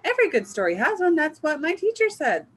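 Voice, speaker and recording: A woman voicing an eager, stubborn little girl in a storybook, who talks in a bright, insistent, pleading way. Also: high voice, big pitch swings, a little fast, voice pushed up.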